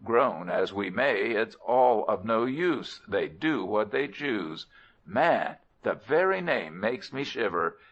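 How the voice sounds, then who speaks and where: A man's voice: fairly low pitch, big pitch swings, slow pace, a bit bright, heavily acted. A man voicing a grumpy old male camel who sneers and grumbles in a scornful storybook voice. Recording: dull lo-fi recording.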